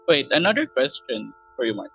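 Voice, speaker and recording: A man playing through a casual tabletop game, hesitant and often restarting his sentences. His voice is bright and tense, but comes through a dull, lo-fi mic with faint music behind it. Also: mid-range voice, big pitch swings, a little fast, gravelly. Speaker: player voicing an adventurer. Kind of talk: casual tabletop role-play.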